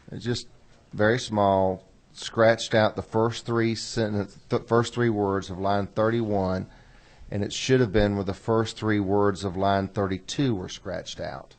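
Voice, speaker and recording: A man chairing a legislative committee hearing, folksy and apologetic, reading bill text slowly and carefully. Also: on the low side, fairly even intonation, a little mellow.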